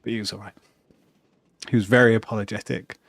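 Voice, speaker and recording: A man's voice: on the low side, little pitch movement, fast. A man streaming a video game, chatty commentary that rambles and swears. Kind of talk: casual let's-play commentary.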